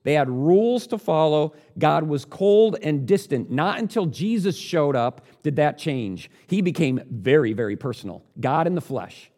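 A man preaching a sermon, earnest and direct, asking the listeners questions and building up louder on the points he stresses. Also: a little high, expressive, moderate pace, hardly any pauses.

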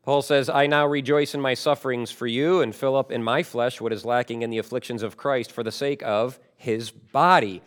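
A man preaching a sermon as pastor, emphatic, with loud stressed words and quieter asides. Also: mid-range voice, fairly even intonation, normal speed, hardly any pauses.

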